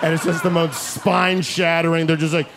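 A male stand-up comic with a high voice performs a loud, manic set into a handheld mic. He swears freely and laughs at his own jokes. A roaring crowd and steady noise fill the live room. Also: fairly quick, vocal fry. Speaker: stand-up comedian. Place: comedy stage before a live audience.

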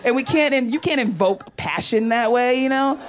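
A woman's voice: fairly high pitch, moderate pace. A young woman doing a stand-up comedy set on a club stage, brash and profane, laughing through her punchlines into a handheld mic.

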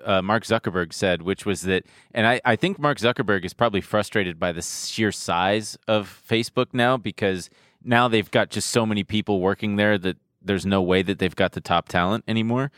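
A man with a low voice co-hosts a casual podcast chat. He talks bluntly and jokes around, swearing often. The sound is dry and close. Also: normal speed, a bit bright, no echo. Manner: profane, blunt and joking. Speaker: podcast co-host.

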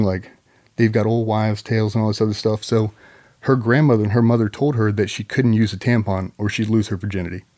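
A man's voice: on the low side, darkish tone. A man telling rambling, profane anecdotes as a podcast guest in casual conversation. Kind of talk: casual storytelling.

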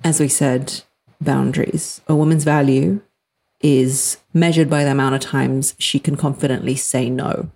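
A woman's voice: very deep voice, steady tone, measured pace, vocal fry, dark tone. A woman in her thirties hosting a podcast, giving blunt, emphatic relationship advice and acting out the people she quotes. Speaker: podcast host answering listener questions. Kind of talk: direct advice talk.

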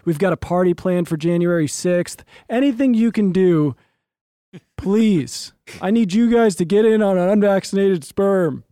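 High-voiced joking male podcast host. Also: unhurried, dark tone, smooth, no room sound, studio quality. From Germany. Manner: joking, mock-pleading riffs. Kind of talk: casual comedic chat.

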